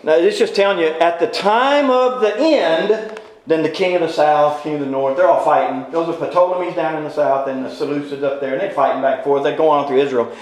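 A man with a noticeably high voice leads a Bible class in a folksy, informal way. He keeps tossing questions at his listeners and repeating them until someone answers. The recording rings with heavy room echo. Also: fairly quick. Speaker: Bible study teacher. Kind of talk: interactive Bible class lecture. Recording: very echoey room.

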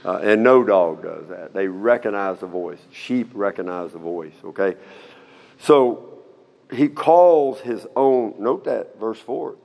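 A man's voice: lowish voice, expressive, slow, gravelly, darkish tone. A middle-aged man teaching the Bible in a folksy, conversational way, often checking in with "okay?". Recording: long hall reverb.

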